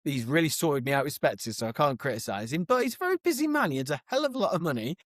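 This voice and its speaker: A man co-hosting a podcast, telling animated, overexcited stories in casual chat. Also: on the high side, rapid-fire, dry recording, studio quality. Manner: animated storyteller, gets overexcited. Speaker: podcast co-host.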